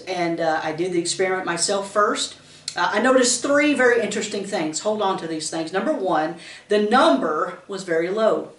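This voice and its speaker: A woman giving a conversational devotional talk, earnest and homey, with lively asides to her listeners. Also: mid-range voice. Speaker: pastor's wife giving a devotional. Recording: roomy sound from a distant mic.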